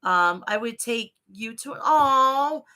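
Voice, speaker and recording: A woman's voice: on the high side, lively intonation, slow, pushed and bright. A woman hosting a wrestling review live stream, chatting casually, swearing freely and reading names from the chat. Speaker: wrestling review show host.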